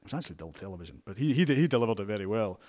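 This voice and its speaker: Scottish newsman with a lowish voice. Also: very animated, rapid-fire, a little mellow. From Scotland. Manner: chatty, frequent restarts and wry asides. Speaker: television news presenter and reporter. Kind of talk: relaxed interview answers.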